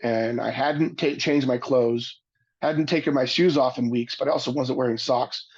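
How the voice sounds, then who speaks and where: Man, webinar speaker, personal testimony, earnest, restarts sentences, average pitch, muffled audio. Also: moderate pace, a little mellow, slightly rough. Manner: earnest storytelling with frequent restarts.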